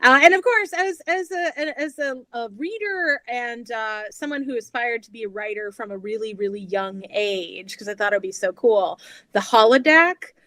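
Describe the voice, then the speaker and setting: A woman's voice: on the high side, moderate pace, sharp tone, no room sound. A woman hosting an interview, chatty and supportive, with many fillers. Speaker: podcast host. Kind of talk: casual interview chat.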